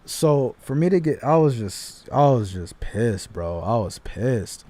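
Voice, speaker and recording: A young man casually telling a personal story, animated and slangy, with frequent restarts and asides. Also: medium pitch, unhurried.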